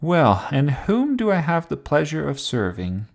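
A deferential butler from a storybook, courteous and formal with every word, put on by a male narrator. The voice is raised a touch and lilts gently. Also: fairly high pitch, huge pitch swings, measured pace, vocal fry, voice pushed up, full character voice. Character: polite humble female butler, formal and deferential.

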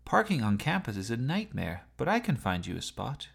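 A man's voice: mid-range voice, huge pitch swings, normal speed, creaky, a bit bright, slightly rough, heavily acted. A man voicing an eager, impulsive young male student with an earnest manner.

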